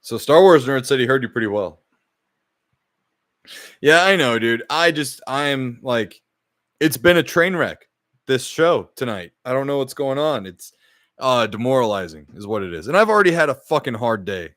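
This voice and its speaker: A man's voice: mid-range voice, animated, normal speed, fairly bright tone, no room sound, studio quality. A man hosting a casual streamed podcast, venting his frustration and swearing often as he talks to the live chat. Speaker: podcast host. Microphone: podcast microphone.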